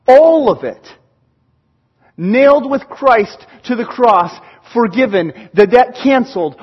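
High, husky-voiced male pastor. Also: lo-fi sound. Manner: conversational, acts out short scenes. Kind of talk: sermon.

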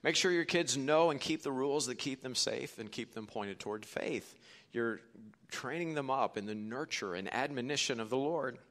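A middle-aged man preaching a sermon as pastor, telling stories and swinging from hushed to forceful. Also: mid-range voice, expressive, moderate pace. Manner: storytelling, quoting others, swings from hushed to forceful.

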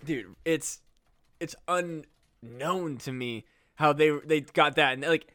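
A man's voice: fairly high pitch, slow, bright, forceful tone. A young adult man co-hosting a comedy podcast, bantering casually with lots of swearing and laughter. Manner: profane, laughing, riffing. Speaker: podcast co-host.

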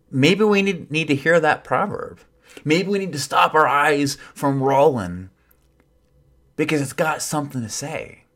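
Earnest man giving a wry sermon. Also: medium pitch. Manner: earnest, wry, self-mocking asides. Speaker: preacher. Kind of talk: reflective sermon.

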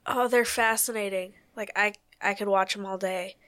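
A woman's voice: medium pitch, steady tone, moderate pace, pushed and bright. A woman co-hosting a casual podcast chat, enthusiastic. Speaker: podcast co-host.

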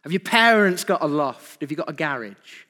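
A man preaches with a fairly high voice that swings widely up and down. He presses his points home with rhetorical questions to his listeners. The sound carries the long echo of a large hall. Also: expressive, normal speed, bright, forceful tone. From Britain. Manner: rhetorical questions to the congregation, emphatic. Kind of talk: evening sermon.

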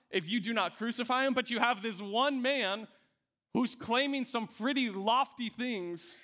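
A man's voice: sits high, pushed and bright. A male pastor preaching a sermon, speaking emphatically and often repeating words as he restarts.

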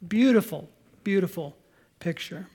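A woman preaches a sermon at an unhurried pace. Her delivery is earnest and emphatic. She softens to a quiet storytelling voice for the anecdotes. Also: lowish voice, lively intonation, slightly rough. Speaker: pastor.

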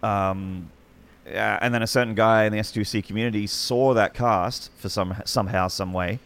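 A low-voiced Australian man in his thirties tells a long story in a relaxed podcast conversation. His voice has a gravelly fry, and he keeps restarting and trailing through his sentences. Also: moderate pace. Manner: rambling, full of restarts and fillers. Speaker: esports commentator.

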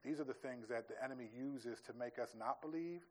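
A man's voice: mid-range voice, a little fast. A man speaking as a pastor in a church question-and-answer session, thinking aloud and often restarting his sentences.

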